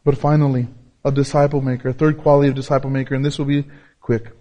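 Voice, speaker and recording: A man preaching a sermon as pastor, repeating key phrases and swinging between loud, emphatic peaks and low, soft passages. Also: flat delivery, fast, lo-fi sound.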